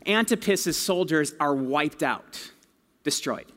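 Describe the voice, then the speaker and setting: High-voiced pastor in a reverberant hall. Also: male voice, expressive, slow pace, a bit bright. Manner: casual, conversational storytelling with slang. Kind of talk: sermon.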